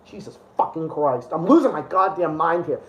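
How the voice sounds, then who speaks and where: A man's voice: a little high, animated, moderate pace, roomy sound, muffled recording. A man hosting a livestream and ranting over clips in a profane, sarcastic, exasperated way. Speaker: livestream host.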